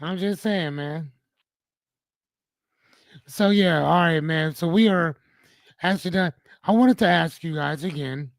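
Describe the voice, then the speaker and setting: A man hosting a live coaching stream, reading viewer comments and answering them in an animated, joking, slangy way. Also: on the high side, unhurried, pauses often, dry recording. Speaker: host and coach.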